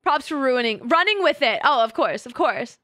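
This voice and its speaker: A woman's voice: high-pitched, expressive, normal speed, crowd noise. A woman streamer chatting casually with her live chat, crude and teasing, laughing often.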